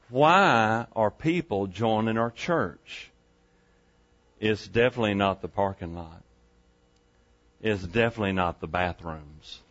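A man's voice: on the low side, a bit bright, lo-fi sound. A male pastor preaching a sermon in a church, folksy and conversational, asking the congregation rhetorical questions. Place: church sanctuary.

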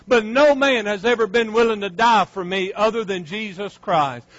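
High, fervent preacher man. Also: no room sound, dull audio. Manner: fervent, rising to near shouts and dropping low. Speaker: pastor. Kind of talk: sermon.

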